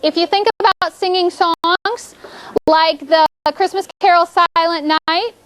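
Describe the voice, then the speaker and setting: Woman, elementary teacher, very high voice, encouraging classroom delivery, checks in constantly. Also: fairly even intonation, a little slow, fairly bright tone. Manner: encouraging, checks in with "okay?" often. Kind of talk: classroom spelling lesson.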